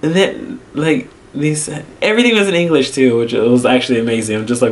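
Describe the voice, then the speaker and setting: A young man, an English teacher, telling a personal story in a casual vlog, animated and full of fillers, acting out his own reactions. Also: medium pitch, normal speed. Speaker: vlogger, English teacher abroad.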